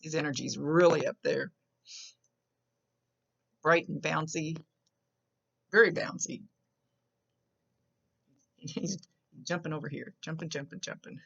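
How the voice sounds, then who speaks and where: A woman psychic medium talks her way through a reading in a loose, rambling style, and often stops and restarts her sentences. Her voice is gravelly with vocal fry, and she has a smoker's cough. The recording sounds dull and lo-fi. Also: sits low, steady tone, takes it slowly, pauses often. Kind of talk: casual spoken reading to a client.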